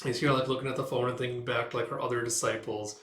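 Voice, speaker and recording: A man's voice: medium pitch, little pitch movement, fast, a bit bright. A young man giving a casual manga chapter read-through and commentary, rambling and filling his talk with "like" and "you know". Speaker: manga reviewer. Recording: echoey room.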